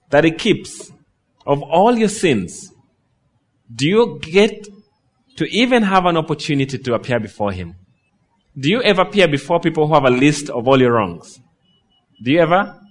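A male pastor preaching a sermon, with big swings in pitch and loudness, slowing down and dropping low on key phrases. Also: big pitch swings.

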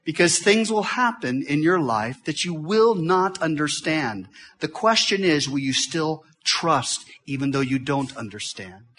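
Fast-talking preacher man, bright voice. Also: on the high side, expressive. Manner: fast-talking, swings from loud to hushed. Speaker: visiting pastor. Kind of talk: sermon. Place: church.

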